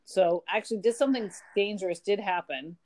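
A woman talking casually about a book with a friend, chipping in extra details and restarting her sentences often. Her voice sits at a middle pitch for a woman. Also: a little fast, darkish tone. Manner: chatty, interjects and adds details, many fillers. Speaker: podcast co-host discussing a novel. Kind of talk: casual chat.

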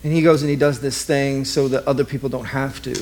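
A man's voice: medium pitch, little pitch movement, fast, a little mellow, slight background noise. A man preaching a sermon as vivid present-tense stories, repeating key lines. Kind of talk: dramatic storytelling sermon.

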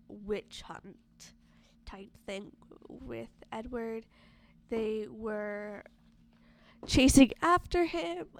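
Slow-talking young woman, chatty. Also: a little high, no room sound. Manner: chatty, quoting characters with filler words. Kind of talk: casual movie discussion.

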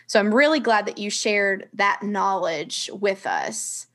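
A woman's voice: mid-range voice, animated, slow pace. Encouraging woman podcast host. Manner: warmly encouraging, appreciative. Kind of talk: conversational interview.

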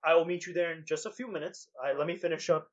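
Brisk, polite elven priestess, man voicing her, slightly high, lo-fi tabletop recording. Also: steady tone, natural voice. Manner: courteous, formal, eager to help.

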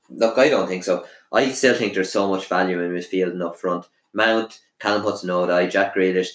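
A man's voice: low-pitched, fairly bright tone. A man co-hosting a casual football podcast, giving firm opinions and listing players. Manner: opinionated, lists players rapidly. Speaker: podcast co-host. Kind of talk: casual sports podcast chat. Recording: roomy echo.

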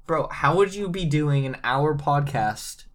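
A teenage man from Alberta, co-hosting a casual podcast, animated, swearing and laughing often. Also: fairly high pitch, unhurried. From Alberta, Canada. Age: teens. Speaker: podcast co-host. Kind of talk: casual chat. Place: bedroom.

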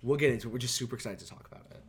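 A man's voice: medium pitch, very fast. A young man casually co-hosting a film chat, playful, repeating words and swearing freely. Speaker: podcast co-host.

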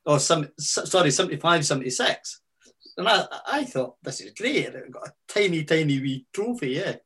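A man in his sixties with a Fife Scottish accent, telling army boxing stories as a guest in a casual interview, with halting restarts and broad Scots words. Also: on the high side, lively intonation, fairly bright tone, slightly rough. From Scotland.

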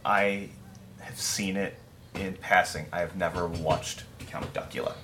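A man's voice: low-pitched, steady tone, measured pace, background noise. A man co-hosting a podcast, replying in a laid-back way during casual chat.

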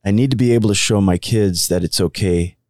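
Earnest low-voiced man co-hosting. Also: a little fast, a little mellow, no room sound, clean studio sound. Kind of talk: casual podcast conversation.

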